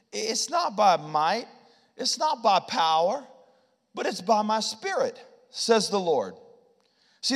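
A male pastor with a high voice delivers a lively, story-driven sermon. He stutters over words as he builds to each point. His voice rings out with a long reverb, as in a large church sanctuary. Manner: storytelling preacher, animated, repeats words when building a point.

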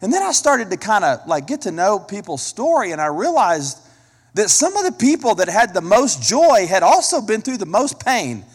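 A man's voice: sits high, big pitch swings, normal speed, husky. A man preaching a sermon as a pastor, emphatic, repeating key phrases and asking the listeners direct questions. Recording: long hall reverb.

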